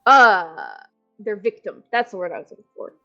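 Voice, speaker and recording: A woman playing her character in a tabletop game, playful and quick to laugh. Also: mid-range voice, very animated, pushed and bright, muffled recording, soft background music. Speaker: player. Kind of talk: casual tabletop play.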